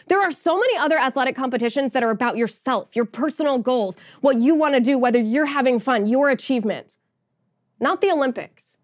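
A woman hosting a political podcast, giving indignant, sarcastic commentary. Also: high-pitched. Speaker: podcast host.

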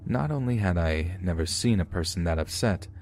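A man with a very low, deep voice reads true horror stories at a measured, even pace. Quiet music plays faintly under his narration. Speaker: podcast narrator.

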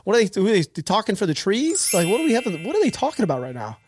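A man's voice: sits high, huge pitch swings, fast talker, faint music behind. A man hosting a podcast, giving casual, mocking commentary with a sarcastic edge and frequent laughter. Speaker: podcast host.

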